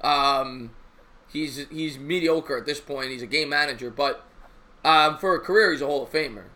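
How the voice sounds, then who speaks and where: Sports stream host, man, bright and a bit high, energetic and joking. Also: normal speed. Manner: energetic, joking, talks to chat. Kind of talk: live-stream sports talk.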